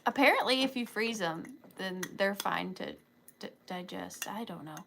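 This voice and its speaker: A woman's voice: mid-range voice, expressive, normal speed, vocal fry, fairly bright tone, a little hiss or hum. A woman hosting a live online sale, chatting casually with viewers in a giggly, joking way. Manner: chatty and giggly, jokey asides.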